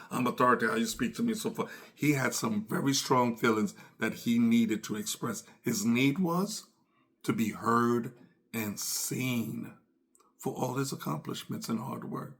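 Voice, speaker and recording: A man's voice: mid-range voice, steady tone, normal speed, a bit bright. Middle-aged man, podcast host, earnest reflective delivery that acts out dialogue, voice in the middle range. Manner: earnest, repeats phrases, acts out quoted dialogue. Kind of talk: reflective personal talk.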